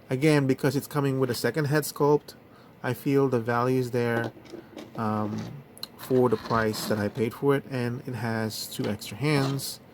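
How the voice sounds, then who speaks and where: Slow, hesitant man reviewing toys. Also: medium pitch, slight background noise. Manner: slow, hesitant, lots of fillers. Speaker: toy reviewer. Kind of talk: casual toy review.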